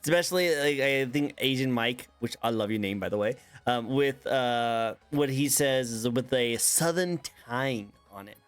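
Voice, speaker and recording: A man's voice: mid-range voice, unhurried, few pauses, clear, resonant tone, no echo, faint music behind. Casting: man, talk show host, playful banter, laughs often, dry close sound. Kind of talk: casual interview chat.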